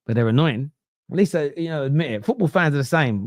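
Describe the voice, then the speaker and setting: A man's voice: fairly high pitch, lively intonation, quick pace, a little mellow, no room sound, clean studio sound. A man hosting a football podcast, ranting casually with swearing, digressions and mocking asides. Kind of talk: casual opinionated rant.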